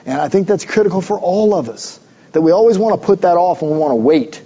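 Mellow-voiced pastor preaching a sermon. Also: male voice, sits high, expressive, fast, slightly rough, dull audio. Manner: conversational storytelling, emphatic exhortations.

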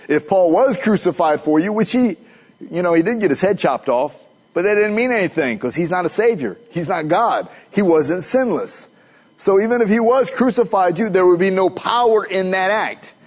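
A man's voice: sits high, slightly rough, dull audio. A man preaching a sermon in a conversational way, asking his listeners questions as he goes. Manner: conversational, asks the audience questions.

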